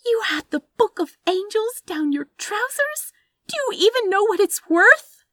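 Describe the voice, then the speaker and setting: Shrill, indignant young woman, as a female reader puts her on for a storybook reading; high and sharp, dry close sound. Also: big pitch swings, a little slow, no echo, exaggerated voice. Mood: shocked.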